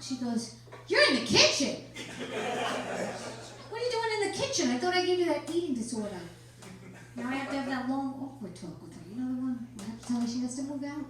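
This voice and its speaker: A middle-aged woman performing a crude stand-up comedy set on a club stage, delivering brash deadpan punchlines to the crowd. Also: high-pitched. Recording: roomy club sound from a distance with crowd. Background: audience laughter.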